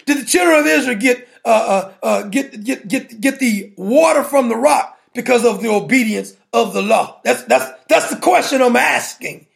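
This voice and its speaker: A man's voice: very high voice, animated, moderate pace, creaky, hardly any pauses. A man preaching a sermon in a colloquial, playful way, firing rhetorical questions and laughing with the congregation.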